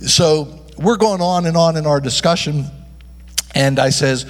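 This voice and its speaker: Emphatic preacher in a ringing hall. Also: male voice, medium pitch, fairly quick. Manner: emphatic, rhetorical questions to the congregation. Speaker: pastor. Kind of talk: sermon.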